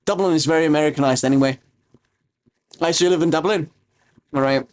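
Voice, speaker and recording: A man's voice: a little high, a little fast. Chatty young Romanian man streaming. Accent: mixed, mostly learned online. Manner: rambling, chatty, reads and answers chat. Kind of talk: casual livestream chat while cooking.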